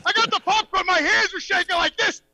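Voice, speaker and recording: High, bright-voiced man telling a profane story. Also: brisk, dry recording, rough recording. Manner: profane, animated, acts out dialogue. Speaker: podcast guest. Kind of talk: casual storytelling.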